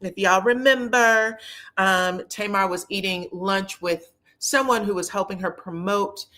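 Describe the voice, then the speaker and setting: A woman's voice: mid-range voice, measured pace. Chatty woman hosting a live review. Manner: chatty, animated, laughs often. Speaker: reality TV review host. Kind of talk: casual live-stream chat.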